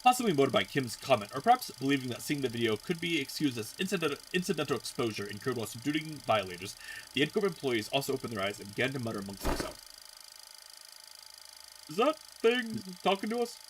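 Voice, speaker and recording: A man streaming a story game, narrating its text aloud in an animated way and stumbling now and then. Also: medium pitch, rapid-fire, a little hiss or hum.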